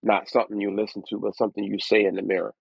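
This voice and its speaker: A man being interviewed as a guest rapper, telling stories in a lively way and acting out other people's voices as he goes. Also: fairly low pitch, very fast, gravelly, husky, no room sound. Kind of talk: storytelling interview. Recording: dry, tinny phone-like line.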